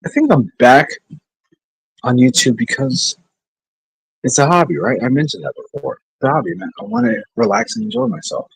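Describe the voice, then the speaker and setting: Middle-aged male streamer, husky and rough-edged, loose rambling chat with lots of pitch movement. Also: very animated, moderate pace, no echo, poor audio. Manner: laid-back, rambling, sighing, joking asides. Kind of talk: rambling casual livestream chat.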